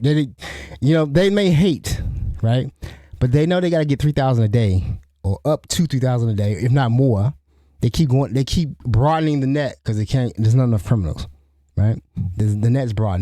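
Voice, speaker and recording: Solo podcast host, middle-aged man, very mellow tone, rambling conversational delivery. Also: mid-range voice, no echo, studio quality. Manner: rambling, restarts often, asks "you know what I'm saying?". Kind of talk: solo commentary.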